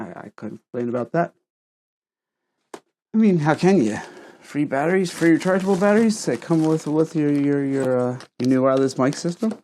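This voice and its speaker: At home with a wireless lavalier mic, a man chats to camera while reviewing gadgets in a casual vlog. His dark, mid-range voice wanders as he stutters and repeats words.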